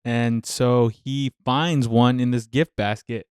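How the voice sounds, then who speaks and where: A man's voice: mid-range voice, steady tone, takes it slowly, darkish tone, clear, resonant tone, no echo, clean studio sound. A man, a nurse, giving casual reaction commentary on a TV show, passionate and venting, repeating himself as he thinks aloud.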